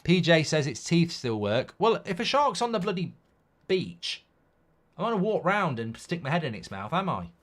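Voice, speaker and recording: A man hosting a football watchalong stream. He chats casually, reads viewer comments aloud and rambles through stories in a blunt way, swinging between loud outbursts and low mutters. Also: very animated, moderate pace. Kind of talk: live-stream casual chat.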